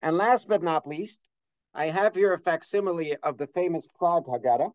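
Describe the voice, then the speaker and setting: A man's voice: on the high side, fairly quick, no echo. Earnest scholarly man, dull dry recording. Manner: earnest, cites sources in detail, frequent uhs. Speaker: religious teacher. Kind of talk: scholarly holiday lesson.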